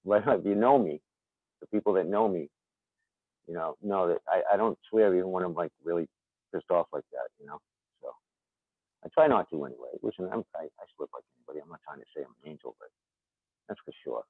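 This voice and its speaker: A man from the Boston area, USA, with a Boston accent, chats casually as a podcast guest, rambling, chuckling, and repeating himself. His low, expressive voice is brisk, breathy-edged, and full of pauses. There's no room sound, but the line is tinny and phone-like.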